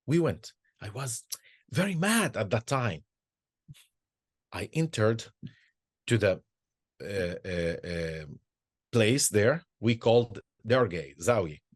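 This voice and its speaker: Older halting man, husky. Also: on the low side, very animated, no echo, clean studio sound. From Israel. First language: Arabic. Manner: halting, with many repeated words and restarts. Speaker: Sufi sheikh and peacemaker. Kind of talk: personal storytelling talk.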